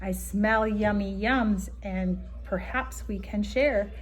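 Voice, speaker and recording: A woman's voice: medium pitch, slow pace, lightly acted. A woman voicing a friendly, cheerful badger in a storybook reading. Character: friendly badger sharing snacks.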